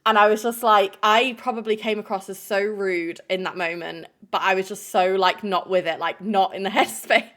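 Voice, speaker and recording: A woman's voice: medium pitch, fairly even intonation, normal speed, few pauses, a bit bright. A woman streamer telling chat a stressful story in a rambling, emotional way, full of fillers.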